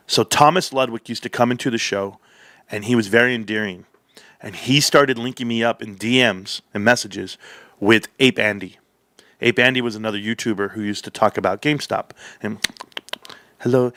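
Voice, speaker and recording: A man hosting a livestream, telling a long story in a rambling, animated way, with profanity, restarts and side remarks. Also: on the low side, a little fast, no echo, clean studio sound. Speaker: livestream host.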